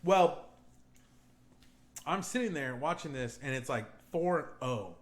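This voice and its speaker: A young man with a fairly high voice hosts a podcast, speaking slowly as he tells a story in casual chat. He swears freely and animatedly acts out what people said. The recording has a roomy echo and faint background noise.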